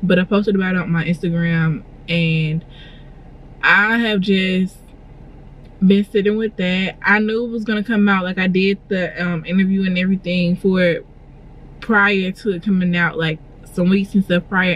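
A woman's voice: mid-range voice, steady tone, normal speed, dull audio. A young woman chatting casually in a vlog from a parked car, full of fillers and gushing feeling. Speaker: vlogger and clothing designer.

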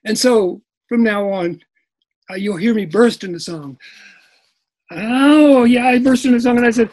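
Older man from Kentucky, storyteller on a video call; husky, animated, acts out quotes. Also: extremely high pitch, unhurried, low-quality recording. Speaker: presenter. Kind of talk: storytelling talk.

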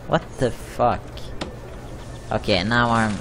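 A man's voice: lowish voice, fairly even intonation, slow pace. A man giving casual gameplay commentary, swearing often in an exasperated way as he plays. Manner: profane, exasperated running commentary. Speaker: gaming video host. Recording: noisy background.

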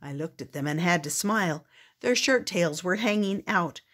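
Grandmother storyteller, husky, expressive read-aloud. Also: on the low side, normal speed. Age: older. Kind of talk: reading a picture book aloud.

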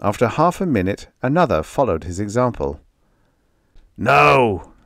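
A man narrating a vintage horror short story in a measured, expressive style. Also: lowish voice, dry recording, studio quality. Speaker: audiobook narrator.

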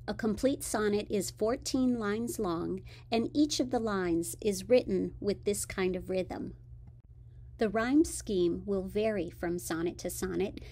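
A woman teacher narrating a scripted lesson in a clear, measured, explanatory way. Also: mid-range voice, dark tone.

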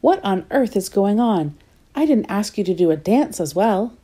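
A woman's voice: mid-range voice, sing-song, normal speed, warm tone, breathy edge. A woman voicing a bossy, impatient woman who gives orders, in a children's storybook. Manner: commanding and impatient.

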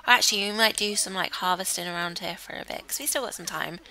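A woman's voice: medium pitch, fast, sharp tone. A young woman with a Cornish accent chatting casually over her gameplay, coaxing her character along, sometimes dropping to a whisper. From Cornwall, England. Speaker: gameplay YouTuber. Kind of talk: casual let's-play commentary.

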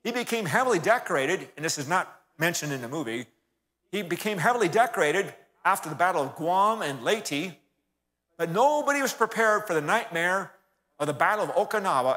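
A man's voice: fairly high pitch, bright, forceful tone. Folksy male speaker in an echoing church. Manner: folksy, keeps addressing the audience as folks. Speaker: guest speaker. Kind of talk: folksy sermon-style history talk. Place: church hall. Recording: reverberant church hall.

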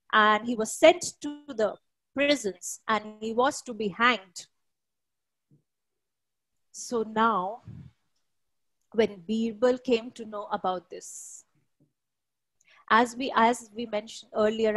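A woman storyteller telling a folktale in an unhurried, descriptive way, with hesitant fillers. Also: on the high side, no room sound, low-quality recording.

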